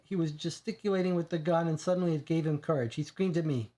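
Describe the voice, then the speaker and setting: A man with a somewhat high voice reads a crime dossier aloud in a steady, plain way. He stumbles on a word now and then and drifts into casual commentary. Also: fast, hardly any pauses. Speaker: game player reading aloud.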